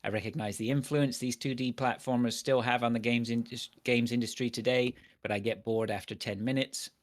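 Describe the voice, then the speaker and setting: A man's voice: mid-range voice, steady tone, brisk. Laughing, swearing Canadian-based man. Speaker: podcast host. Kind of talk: casual podcast chat.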